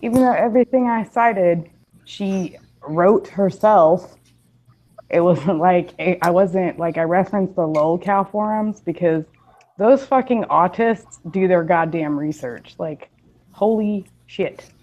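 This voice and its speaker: A woman's voice: fairly low pitch, slow, a little mellow, highs cut off. A woman on a stream, bluntly explaining a story in casual chat. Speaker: stream guest.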